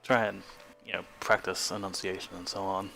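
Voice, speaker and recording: A man's voice: low-pitched, level tone, normal speed, vocal fry, sharp tone, soft background music. A man with an Australian accent chatting casually on a stream, laughing often and making self-deprecating asides. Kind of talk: casual stream chat between read lines.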